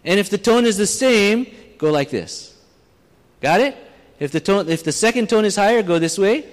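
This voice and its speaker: Guy preaching to a church crowd, chatty and plain, high voice, long hall echo. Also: lively intonation, moderate pace. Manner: conversational, plain-spoken, with restarts. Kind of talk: sermon with audience exercise.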